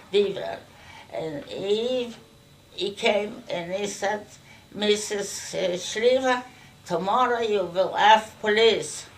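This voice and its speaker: An older woman from Ukraine, giving an oral history interview in a halting way, repeating words as she searches for them. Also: on the low side, gravelly. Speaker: interviewee recounting wartime memories. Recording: distant mic, faint background noise.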